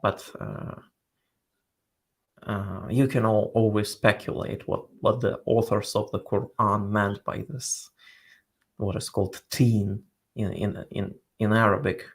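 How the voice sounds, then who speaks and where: Slow, gravelly man explaining at length. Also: lowish voice, steady tone. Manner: halting, searching for words, explanatory. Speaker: guest scholar. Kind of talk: scholarly interview talk.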